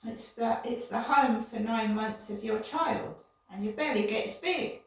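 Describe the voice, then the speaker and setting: Older woman vlogger: slow, gravelly, indignant rambling, heard from a distance in an echoey room. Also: fairly high pitch. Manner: indignant, repetitive, digressive. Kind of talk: casual rambling monologue.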